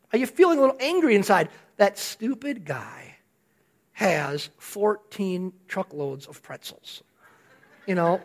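An older man preaches in a casual, storytelling way, asking his congregation one question after another. His voice sits high and swings widely in pitch. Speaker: pastor. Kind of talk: sermon.

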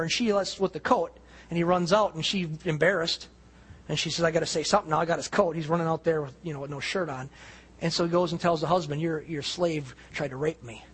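A man's voice: fairly high pitch, slightly rough, poor audio. A man preaching a sermon, retelling a story casually with quoted voices and many restarts. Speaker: pastor.

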